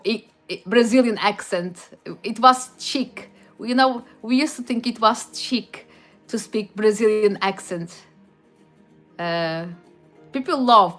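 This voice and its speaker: A Portuguese woman with a Portuguese accent hosts a livestream, casually working through viewer comments. Her mid-range voice often hesitates and restarts.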